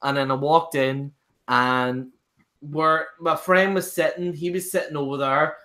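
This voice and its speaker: A man's voice: on the high side, fairly even intonation, measured pace, pushed and bright. A young man from Northern Ireland with a Northern Irish accent, hosting a casual live-stream chat and telling pub stories full of swearing and laughter. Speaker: show host.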